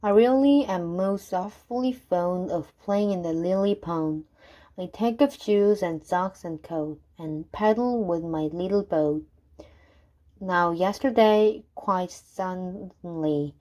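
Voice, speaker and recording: A woman reading children's rhyming poems aloud in a measured, rhythmic way. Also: fairly low pitch, a little mellow. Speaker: reader.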